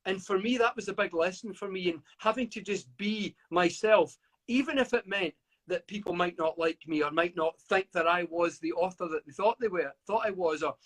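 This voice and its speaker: Stammering, reflective man, high voice. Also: moderate pace, a bit bright. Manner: reflective, with frequent stammered restarts. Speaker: guest author. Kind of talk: interview over a live video call.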